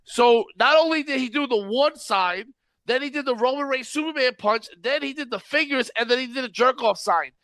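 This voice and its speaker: A man's voice: very high voice, normal speed, pushed and bright, dry recording, clean studio sound. A man hosting a casual wrestling podcast, ranting in an exasperated tone and laughing often. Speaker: podcast host.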